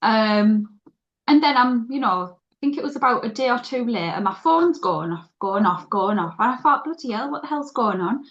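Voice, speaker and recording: A woman's voice: fairly high pitch, moderate pace, highs cut off. Laughing woman telling a story. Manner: animated storytelling, laughs often. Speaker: podcast co-host. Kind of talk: casual chat.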